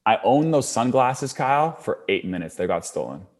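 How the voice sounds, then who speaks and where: A man's voice: mid-range voice, big pitch swings, moderate pace. A young adult man casually telling a long personal story, with lots of "like" fillers and his voice rising when he gets worked up. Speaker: storyteller guest.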